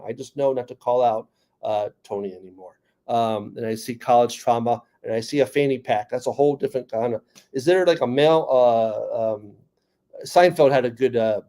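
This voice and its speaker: Fifties New York comic turned speaker, mellow warm tone, wry and earnest on stage. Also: male voice, mid-range voice. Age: 50s. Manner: joking, then earnest and personal. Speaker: comedian and motivational speaker. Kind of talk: stand-up comedy talk at a conference.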